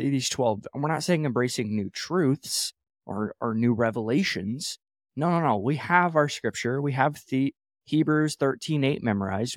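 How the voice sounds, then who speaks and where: A man's voice: medium pitch, no room sound, clean studio sound. A man hosting a church leadership podcast, teaching in an emphatic motivational way, repeating phrases and correcting himself as he goes.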